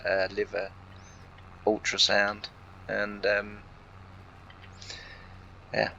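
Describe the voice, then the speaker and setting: Young English man, low-pitched host, chatty storyteller; lo-fi, muffled recording. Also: monotone, drawn-out words, creaky, bright, forceful tone, slight background noise. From England. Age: young adult. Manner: rambling anecdote, retelling each exchange with "I said" and "she said". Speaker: let's play host. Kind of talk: casual storytelling over gameplay. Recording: dull lo-fi recording.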